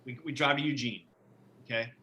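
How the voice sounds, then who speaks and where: Give me a bright-voiced man who tells a road story casually. He swears often and backs up to restart his sentences. A faint noise sits under the voice. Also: mid-range voice, fairly even intonation, a little fast. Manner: rambling, profane, with many restarts. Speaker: musician and podcast guest.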